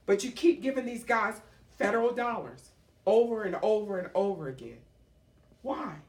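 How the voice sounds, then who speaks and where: A woman's voice: medium pitch, expressive, moderate pace, darkish tone. A middle-aged woman and small business owner giving an emotional, emphatic public speech, repeating phrases for force. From United States. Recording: roomy echo, speaker far from the mic.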